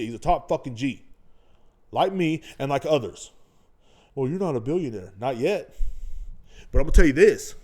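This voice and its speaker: Ranting man, fairly high voice. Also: a little mellow. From United States. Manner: blunt, ranting, heavy swearing. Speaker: podcast host. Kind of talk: casual profane monologue. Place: at home indoors.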